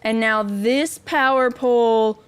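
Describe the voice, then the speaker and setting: A woman's voice: a little high, takes it slowly, clean tone. A young woman streaming a building game, chatting with viewers in a goofy, self-mocking way and giggling often. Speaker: VTuber streamer. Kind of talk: casual game stream chat.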